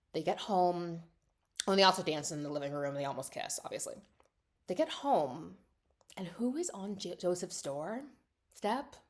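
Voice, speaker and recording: A young woman telling a movie plot in a chatty, sarcastic way, full of "like" and "obviously," acting out the characters' lines. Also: on the low side. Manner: chatty, sarcastic, heavy "like" and "obviously", acts out quotes. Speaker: writer and coach recapping a movie. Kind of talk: casual storytelling recap.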